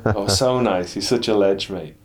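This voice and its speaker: A man's voice: on the low side, normal speed, a little hiss or hum. A man with a Manx accent, chatting as a guest on a call, telling stories animatedly and swearing a lot. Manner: animated storytelling with lots of swearing. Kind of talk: casual chat.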